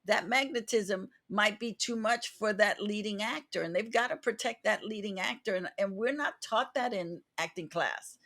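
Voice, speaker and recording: A woman hosts a podcast conversation and shares advice from her own experience. Her voice sits at an ordinary middle pitch. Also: moderate pace, hardly any pauses, a bit bright. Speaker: podcast host and actress.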